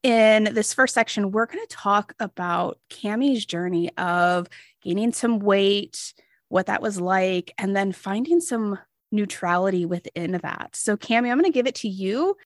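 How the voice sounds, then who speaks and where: A woman's voice: mid-range voice, unhurried. Upbeat woman podcast host. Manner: upbeat, enthusiastic welcome. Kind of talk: scripted intro, then interviewing.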